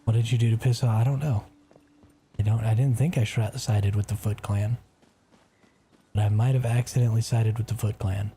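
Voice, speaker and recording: A man's voice: lowish voice, steady tone, normal speed, long pauses, dark tone, a little hiss or hum. A man chatting casually as he streams a survival game, talking to viewers and reading their chat aloud. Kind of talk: casual gameplay commentary.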